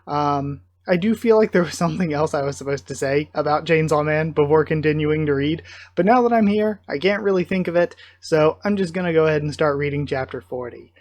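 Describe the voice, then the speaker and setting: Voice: medium pitch, fairly quick, dry recording. A YouTuber reading a manga aloud and chatting about it, wondering aloud with frequent ums. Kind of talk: casual comic readthrough with commentary.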